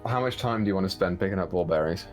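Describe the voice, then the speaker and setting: A man's voice: low-pitched, very fast, faint music behind. A man acting as game master, narrating the party's actions and ruling on rolls, with frequent laughter. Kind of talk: running a tabletop game.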